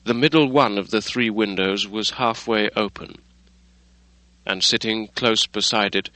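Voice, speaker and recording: Bright-toned male audiobook narrator. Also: lowish voice, dry recording, poor audio. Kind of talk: audiobook reading.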